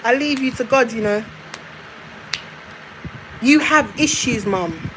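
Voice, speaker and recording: A woman launches a heated, repetitive rant aimed straight at her mother. Her voice sits high, and a faint hiss of background noise runs under her words. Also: animated, takes it slowly. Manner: confrontational, repetitive, addresses her mother directly. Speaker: vlogger. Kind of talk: emotional rant to viewers.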